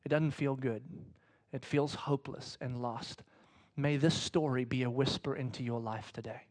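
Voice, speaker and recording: A man preaching a sermon in a casual, chatty way, telling a story with sudden swings between loud excitement and hushed whispers. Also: mid-range voice, normal speed. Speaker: pastor.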